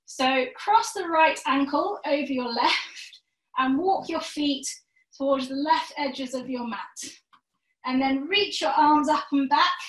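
A woman with a high voice leads a yoga class at an unhurried pace, calling out poses and cheering her students on. She sits some way back from the mic in an echoey room. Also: fairly bright tone, recorded from a distance. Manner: encouraging, calls out poses in quick rounds. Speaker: yoga instructor. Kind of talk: guided yoga class instruction.

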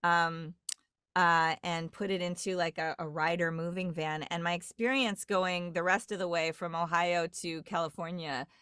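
With a fairly low, clear and resonant voice that's a bit bright, this New York woman, a dialect coach, rambles through stories in a casual podcast conversation packed with fillers and restarts. Her intonation is fairly even and her pace moderate. The studio-quality recording has no room sound.

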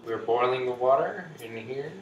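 An American woman lively reading recipe steps aloud and exclaiming while cooking with friends in a home kitchen. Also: a bass voice, moderate pace, roomy sound, highs cut off, noisy background. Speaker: reads out the recipe. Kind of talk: casual chat while cooking.

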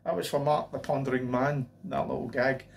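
A man's voice: mid-range voice, level tone, fairly quick, gravelly. A man casually reviewing a cheap lager, rambling on with jokey asides and running gags. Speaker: beer reviewer. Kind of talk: casual beer review vlog.

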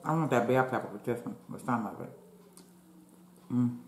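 A woman's voice: rumbling low, moderate pace, darkish tone, a little hiss or hum. Chatty woman eating and talking, echoey room. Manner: chatty, talks with mouth full, addresses viewers as y'all. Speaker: mukbang vlogger. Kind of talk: casual chat while eating.

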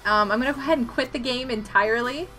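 A woman live streaming a game, excitable and chatty, laughing and yelling at what happens on screen. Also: fairly high pitch, fast, faint music behind.

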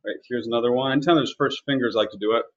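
A man's voice: mid-range voice, rapid-fire, highs cut off. A man teaching a live online violin lesson, explaining casually with fillers.

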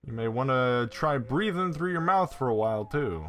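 A man's voice: mid-range voice, animated, moderate pace, fairly bright tone, faint music behind, lightly acted. A man voicing a bossy, fussy older woman housekeeper who scolds in prim, folksy phrases. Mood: chatty.

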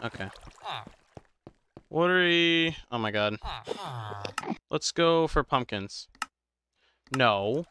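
A sleepy man chats with his live audience while he plays, drifting from thought to thought at an unhurried pace. His voice is bright and a little tense, and faint background noise sits under it. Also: a little high, expressive. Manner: slow, drowsy, rambling chat with viewers. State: tired, medicated. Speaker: streamer. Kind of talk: casual gameplay live stream.

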